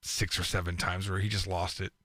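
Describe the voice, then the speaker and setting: A man co-hosting a podcast in casual chat, telling stories with lively delivery and acting out quoted lines. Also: deep voice, fairly quick, no room sound, studio quality. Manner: animated storyteller, acts out quoted lines. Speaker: podcast co-host.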